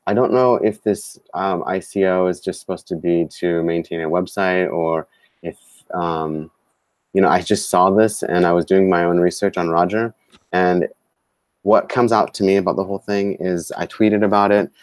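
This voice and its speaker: A man co-hosting a live-streamed talk show, speaking in a halting way with many fillers and restarts. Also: low-pitched, fairly even intonation, no room sound. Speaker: co-host. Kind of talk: live-streamed casual discussion.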